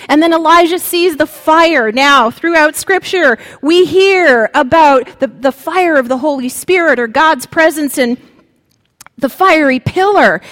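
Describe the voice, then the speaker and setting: A woman preacher giving a sermon, speaking slowly and dramatically with long pauses. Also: high voice, a bit bright, big-room sound.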